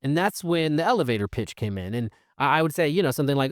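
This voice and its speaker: Animated male podcast host, dry sound. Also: a little high, quick pace, no room sound. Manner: animated, acts out quoted conversations; conversational with fillers and restarts. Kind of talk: solo podcast monologue.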